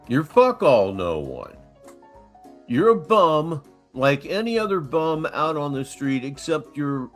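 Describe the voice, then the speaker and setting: A man hosting a reaction stream, answering a clip with blunt, mocking sarcasm. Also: medium pitch. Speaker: commentary streamer host. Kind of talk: reaction commentary.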